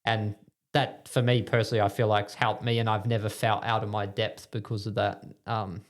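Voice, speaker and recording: A man's voice: fairly low pitch, level tone, moderate pace. A man from New Zealand, a speedway driver guesting on a podcast, talking in a rambling, self-deprecating way with lots of fillers. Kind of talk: casual podcast interview. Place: podcast studio.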